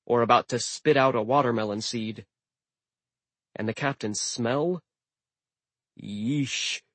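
A man narrating a first-person novel as an audiobook, in a measured, wry storytelling manner. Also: mid-range voice, dry recording.

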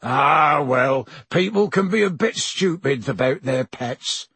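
A male narrator voicing a huge, gruff but kindly gamekeeper who talks in a rough, homely way. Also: medium pitch, expressive, slow, fairly bright tone, heavily acted. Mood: wise.

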